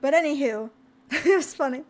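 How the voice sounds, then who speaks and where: A woman's voice: high voice, normal speed, a little mellow. A young woman streamer telling a story casually to her chat, rambling with lots of fillers and laughs. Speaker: VTuber streamer.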